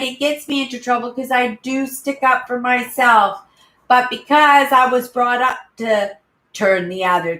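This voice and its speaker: A woman in her sixties, host of a casual live-stream chat, who rambles and keeps adding "right?" and calls herself a loud talker. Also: on the high side. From Canada. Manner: self-described loud talker. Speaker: channel host. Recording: roomy echo.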